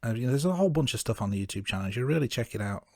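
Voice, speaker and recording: A man from the English Midlands co-hosting a casual film podcast, steady and dryly teasing. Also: medium pitch, very fast, no echo, clean studio sound. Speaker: podcast co-host.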